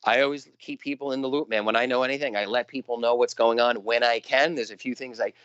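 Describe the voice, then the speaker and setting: A man with a New York accent, chatting as a guest and telling animated stories with frequent laughs. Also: mid-range voice, quick pace, smooth, no echo, dull audio. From Brooklyn, New York. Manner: animated storyteller, laughs often. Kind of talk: casual interview chat.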